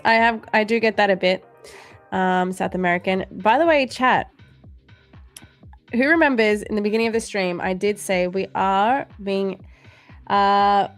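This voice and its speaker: Woman, livestream host, casual chat, reads chat aloud, jokey, laughs a lot, faint background music. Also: mid-range voice. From Australia. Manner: playful and jokey, laughs often.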